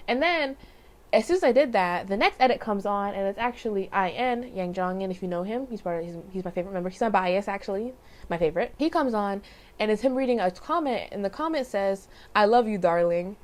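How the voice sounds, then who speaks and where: Talking straight to camera, a young woman vlogger tells a casual personal story in a loose, rambling way, often circling back and correcting herself. She speaks a little fast at an ordinary middle pitch with lively intonation, scattering fillers and soft laughs throughout.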